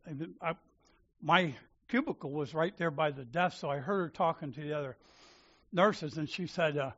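A church elder preaching in an animated storytelling way, acting out each exchange and chuckling along. His voice sits a little high for a man, with lively jumps in loudness. The sound is muffled and lo-fi. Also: moderate pace. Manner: animated, acts out dialogue, chuckles. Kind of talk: sermon storytelling. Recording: dull lo-fi sound.

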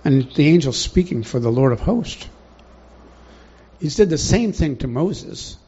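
A man's voice: on the high side, expressive, a little slow, warm tone, slightly rough. A man preaching a sermon in a conversational way, often putting questions to the congregation, in a dull lo-fi recording.

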